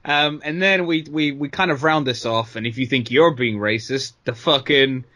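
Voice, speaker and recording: A man's voice: mid-range voice, normal speed, pushed and bright. A man co-hosting a wrestling podcast in casual chat, talking loosely with lots of swearing, fillers and jokey quoted voices. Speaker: podcast co-host.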